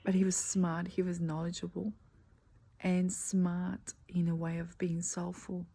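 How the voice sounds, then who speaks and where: This life coach is a dark-voiced woman coaching gently through a motivational talk, her fairly low voice delivered flatly. She speaks slowly, earnestly and with emphasis, frequently falling to a breathy near-whisper. Audio quality is poor and faint noise sits in the background.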